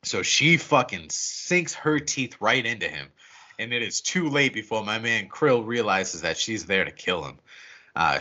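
Profane bright-voiced man recapping a movie. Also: fairly low pitch, highs cut off. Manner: profane, animated retelling with quick character voices. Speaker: podcast co-host.

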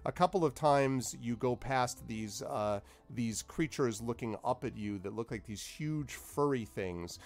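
A man's voice: medium pitch, animated, measured pace, hardly any pauses. A man narrating as game master of a tabletop game, rambling with many fillers.

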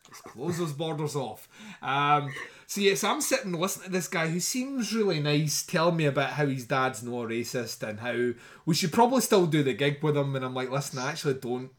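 A man in middle age tells a story on a podcast, swearing freely. His voice sits slightly high for a man. He talks in a loose, animated way and laughs between lines. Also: moderate pace. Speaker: podcast host. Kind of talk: casual storytelling.

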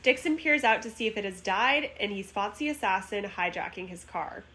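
A woman's voice: mid-range voice, lively intonation, moderate pace, sharp tone. A woman co-hosting a casual podcast, reading out a movie plot summary and laughing often. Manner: giggly, reads plot summary between laughs. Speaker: podcast co-host. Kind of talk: casual movie recap chat.

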